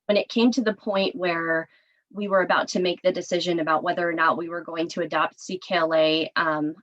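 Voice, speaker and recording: A woman district administrator speaking earnestly on a video-call panel, with many pauses and fillers. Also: fairly low pitch, lo-fi sound. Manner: earnest, many "um"s, gets emotional.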